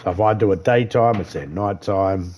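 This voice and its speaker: A man's voice: low voice, normal speed, a little mellow, slight background noise. An Australian man chatting casually while streaming a game live, rambling easily and greeting viewers by name.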